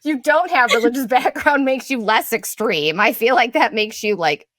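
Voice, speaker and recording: A woman hosting a podcast in casual chat, playful and animated, often laughing, casually swearing and acting out other people's lines. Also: fairly high pitch, normal speed, no room sound, studio quality. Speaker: podcast host.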